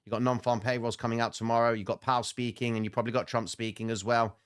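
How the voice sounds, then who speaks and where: A man's voice: medium pitch, flat delivery, fast talker, clear, resonant tone. A man hosting a live trading stream, giving blunt, slangy market commentary and answering chat comments.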